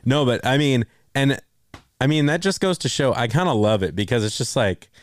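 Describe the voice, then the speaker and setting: A man co-hosting a podcast, chatting casually about movies and acting out quotes in an animated way. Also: medium pitch, normal speed, no echo. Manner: animated storyteller, acts out quotes. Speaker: podcast co-host. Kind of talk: casual movie review chat.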